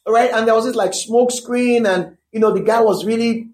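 A man's voice: very high voice, fairly even intonation, normal speed, darkish tone. A man preaching a sermon, emphatic and conversational, repeating key phrases and checking in with his listeners.

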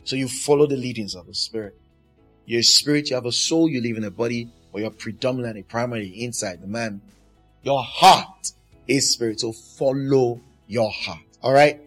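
A man's voice: mid-range voice, moderate pace, soft background music. A man preaching a sermon, emphatic and driving his points home by repeating them.

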